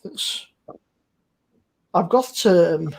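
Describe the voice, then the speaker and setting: A woman's voice: fairly low pitch, lively intonation, drawn-out words, vocal fry, darkish tone, breathy edge. A woman hosting a casual chat over beers, rambling, laughing and swearing freely. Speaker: host.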